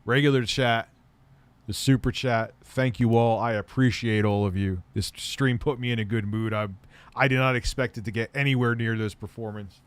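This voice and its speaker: A man's voice: mid-range voice, steady tone, moderate pace, smooth. A man hosting a livestream, answering viewer questions in a blunt, offhand way and swearing often. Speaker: livestream host.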